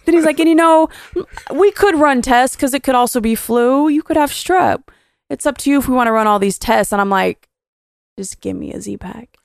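A woman's voice: high voice, fairly quick, clear, resonant tone, dry recording, clean studio sound. A woman co-hosting a podcast, telling a story in casual chat, swearing freely and acting out the people she quotes. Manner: swears freely, laughs through stories, acts out quoted people. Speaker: podcast co-host.

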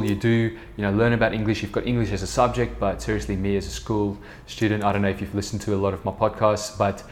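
A South African man in his thirties with an Afrikaans accent speaks in a lowish voice over slight background noise. Hosting his own podcast as a business co-founder, he talks casually on his own, rambling with many fillers.

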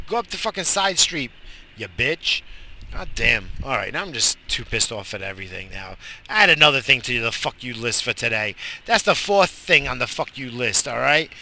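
A man ranting profanely while driving his car, shouting in bursts at cyclists and other drivers. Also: medium pitch, very animated, moderate pace, gravelly, a little hiss or hum. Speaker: vlogger.

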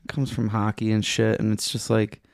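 A man's voice: on the low side, completely flat delivery, a little fast, vocal fry, dry recording, clean studio sound. A young man from Michigan, a podcast guest telling a story in a laid-back, rambling way, swearing a lot. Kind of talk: casual chat.

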